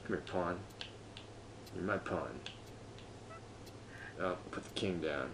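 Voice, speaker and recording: A man's voice: slow pace, background noise. A man commentating his own gameplay, frustrated and swearing constantly, talking to himself. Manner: lively pitch, swings between muttering and yelling. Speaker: gameplay streamer.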